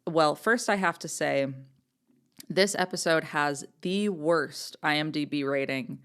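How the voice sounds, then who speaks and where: A woman's voice: sits low, unhurried, a bit bright, clean tone. A woman co-hosting a casual podcast, chatty and giggly, with many fillers. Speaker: podcast co-host.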